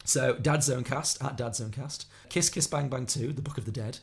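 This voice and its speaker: A man hosting a casual podcast, chatty and quick, reading out listener suggestions with a laugh here and there. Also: medium pitch, creaky. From Liverpool area of England. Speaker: podcast host.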